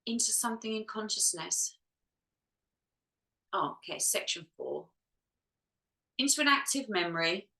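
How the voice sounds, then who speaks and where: A woman guides a group healing session in a bright, clear voice, checking each step aloud in a soft, musing way. She sounds close to tears at times. The room around her is echoey. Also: mid-range voice, animated, a little slow, long pauses. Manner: soft, musing, talks to herself while checking. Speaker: energy healer.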